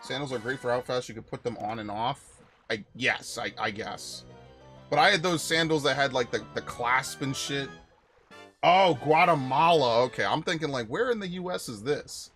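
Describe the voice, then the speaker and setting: A young man streaming a video game, chatting casually with viewers and rambling through stories with sudden loud outbursts. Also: mid-range voice, expressive, moderate pace, soft background music. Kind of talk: casual live-stream chat while playing.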